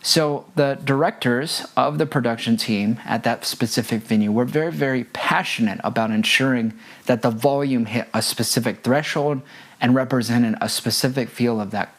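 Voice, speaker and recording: Male audio engineer, mid-pitched, earnest teaching tone, emphatic repetition. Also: normal speed. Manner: earnest, emphatic, repeats key points. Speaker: front of house audio engineer. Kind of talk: instructional talk with personal stories.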